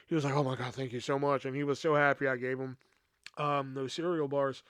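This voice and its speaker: A man's voice: medium pitch, steady tone, fairly quick, fairly bright tone, clear, resonant tone, dry recording. A man hosting a podcast, telling a long casual story in a rambling, profane way with lots of filler words. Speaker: podcast host.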